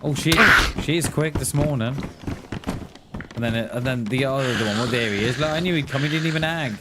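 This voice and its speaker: A man's voice: medium pitch, fairly quick, very noisy. A man from Wales with a light Welsh accent, chatting casually and friendly with his viewers while he streams a game. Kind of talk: casual live-stream chat while playing.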